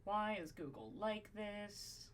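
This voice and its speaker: A woman's voice: mid-range voice, slow pace, a little hiss or hum. A woman hosting a podcast, brainstorming in casual chat, swearing freely and thinking aloud with lots of fillers. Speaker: podcast host.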